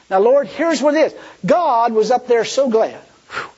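A man's voice: very high voice, animated, slow pace, long pauses, a little mellow, breathy edge, muffled recording. A male preacher giving a folksy sermon, talking colloquially and acting out the pleas he quotes. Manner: colloquial, laughs at own jokes, acts out quoted pleas.

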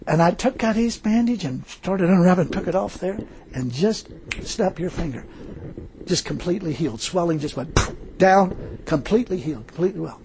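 A man's voice: high-pitched, expressive, brisk, a little mellow, a little hiss or hum, poor audio. A man preaching a folksy testimony sermon, telling his story casually and chuckling often as he goes. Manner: casual colloquial speech.

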